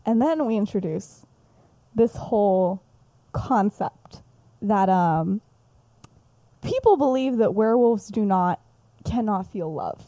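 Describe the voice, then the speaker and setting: A woman's voice: medium pitch, animated, slow, pauses often, warm tone, dry recording. A young woman chatting casually on a podcast, retelling a story she wrote and acting out the characters' lines with lots of giggles. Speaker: podcast co-host. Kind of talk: casual chat, retelling her own story.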